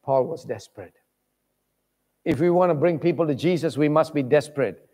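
A man preaching a sermon, preaching with force and shouting at his high points. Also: lively intonation, normal speed. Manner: shouts and swings his pitch widely for emphasis. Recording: long hall reverb.

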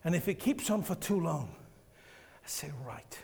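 Male preacher, high and gravelly, slow emphatic sermon delivery in a reverberant church hall. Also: mellow. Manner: emphatic, repeats key phrases.

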